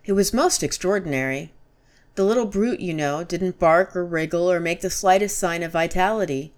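A woman reading a classic story aloud as narrator, measured and storytelling. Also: fairly low pitch. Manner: measured, storytelling, rising to urgent shouts in dialogue.

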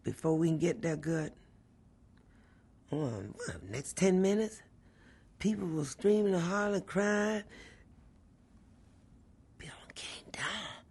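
Husky gravelly new mail carrier, middle-aged, telling it like a story and acting out the voices. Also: medium pitch, unhurried, long pauses. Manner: animated storytelling, acts out what people said. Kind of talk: personal recollection, oral history.

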